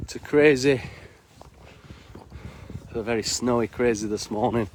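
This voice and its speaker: A chatty man hosts a live walking stream outdoors on snowy streets, greeting his viewers one by one. His voice sits at an ordinary middle pitch. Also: a little slow, long pauses, a little hiss or hum. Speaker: live-stream host and bar worker.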